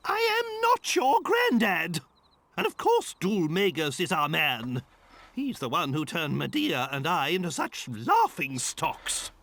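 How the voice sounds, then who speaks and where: A man's voice: a little high, very animated, takes it slowly, fairly bright tone, exaggerated voice. An actor playing a fussy old king under a curse, speaking in a theatrical, exclamatory game voice. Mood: indignant. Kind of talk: game voice acting.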